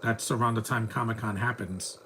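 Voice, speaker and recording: A man's voice: lowish voice, fairly even intonation, a little fast, pushed and bright, a little hiss or hum. A man giving casual live commentary on a movie, rambling and mocking what he sees on screen. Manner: rambling, chatty, mocking the film.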